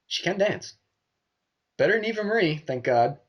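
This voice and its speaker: A man's voice: high voice, big pitch swings, normal speed, breathy edge. Joking podcast cohost guy, swears a lot, voice bounces all over. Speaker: podcast co-host. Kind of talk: casual review chat.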